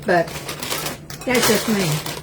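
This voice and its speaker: A woman's voice: medium pitch, animated, very slow, very noisy. An older woman with an East Texas Southern accent, chatting folksily to viewers as she cooks live in her home kitchen. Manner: chatty and folksy, says y'all a lot. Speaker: cooking livestream host. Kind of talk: casual live cooking chat.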